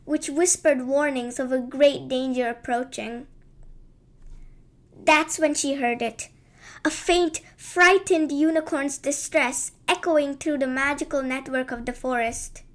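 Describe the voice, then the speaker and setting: A woman with a high, light voice reads a bedtime story for children. She takes her time, with a gentle and lilting delivery. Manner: gentle, lilting, unhurried reading.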